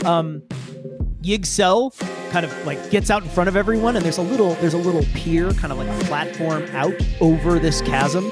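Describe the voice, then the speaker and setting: A man's voice: fairly high pitch, normal speed, over music. A man narrating as the game master of a tabletop role-playing game, laid-back and chatty, with frequent fillers.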